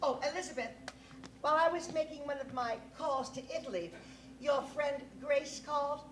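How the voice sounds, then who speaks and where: A man's voice: very high voice, normal speed, a bit bright, slight background noise. A man playing an aging, acid-tongued female film star on stage, drawling and profane. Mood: catty. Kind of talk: stage play acting. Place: theater stage. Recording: echoey live stage recording.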